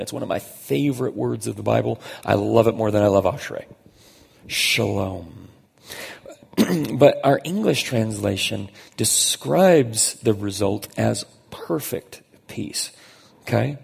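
Husky gravelly pastor in an echoey hall. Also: male voice, mid-range voice. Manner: conversational, emphatic, slows on key phrases. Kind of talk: sermon.

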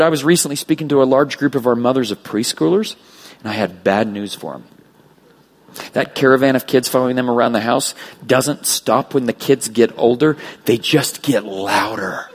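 Middle-aged male pastor, sermon, gravelly husky voice, lively swooping delivery. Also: a little high. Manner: animated preaching with acted voices of children.

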